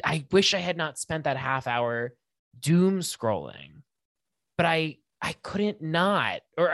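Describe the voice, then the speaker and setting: A man hosting his own podcast alone, thinking out loud in a loose, self-conscious ramble. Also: a little high, dry recording, studio quality. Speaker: podcast host. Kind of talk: casual solo monologue.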